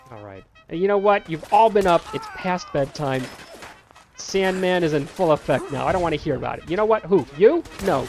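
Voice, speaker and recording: A man's voice: a little high, expressive, a little fast, vocal fry, darkish tone, soft background music. Playful man scolding game characters. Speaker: gameplay streamer. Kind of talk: casual let's-play commentary.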